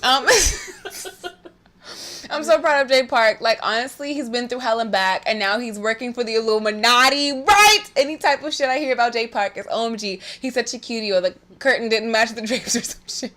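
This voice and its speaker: Bright-voiced, giggly woman co-host. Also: on the high side, normal speed. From Southern Maryland. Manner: giggly, excitable, swears casually. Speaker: podcast co-host. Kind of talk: casual chat, reading listener comments.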